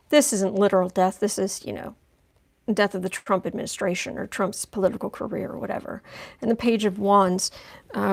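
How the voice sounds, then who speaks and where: A woman's voice: medium pitch, vocal fry. A woman giving a chatty live-stream tarot reading, making wry asides as she lays out cards. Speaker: tarot reader.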